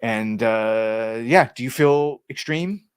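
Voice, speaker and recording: A man's voice: medium pitch, slow, clear, resonant tone, dry recording. A man in an average register rants through a casual podcast chat, sarcastic and loose with his swearing. His voice sits close and dry on the mic, with no room sound around it. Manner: ranting, sarcastic, swears freely. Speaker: co-host.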